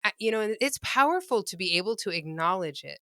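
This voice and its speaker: A woman pet loss grief counselor, speaking gently and earnestly in a podcast interview. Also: medium pitch, animated, quick pace, no echo, clean studio sound.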